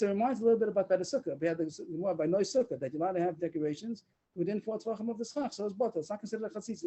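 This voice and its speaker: Fast-talking man teaching Talmud class. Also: high voice, mellow, breathy edge, poor audio. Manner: explains rapidly, mixing English with Talmudic Hebrew and Aramaic terms. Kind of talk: daf yomi Talmud class. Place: online meeting room. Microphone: video call.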